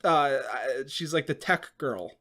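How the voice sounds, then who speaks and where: Wry, slightly high-pitched podcast co-host. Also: male voice, lively intonation, a little slow, a bit bright. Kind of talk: casual chat.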